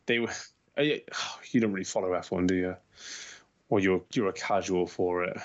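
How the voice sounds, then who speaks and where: A man's voice: sits low, fairly even intonation, normal speed. A man co-hosting a casual football podcast, ranting with heavy swearing and calling people mate. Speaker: podcast co-host. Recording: dull lo-fi sound.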